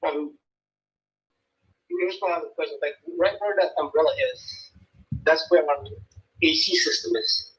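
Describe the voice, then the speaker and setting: A man's voice: on the high side, unhurried, pauses often, fairly bright tone, low-quality recording. A man, a homeowner, asking hesitant questions about where the pool equipment will go. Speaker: homeowner client. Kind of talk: casual client meeting.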